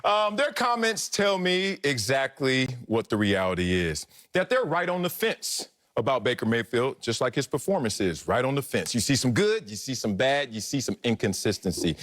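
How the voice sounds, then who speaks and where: A man's voice: mid-range voice, very animated, moderate pace, a bit bright. A man co-hosting a sports talk show, arguing his take in an emphatic, theatrical, teasing way. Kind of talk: animated sports debate.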